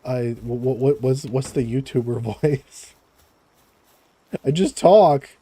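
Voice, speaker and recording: A young man chats casually while gaming on a live stream, stammering, repeating words and laughing a lot. His medium-pitched voice is warm and slightly rough, and he talks slowly, close to his desk microphone.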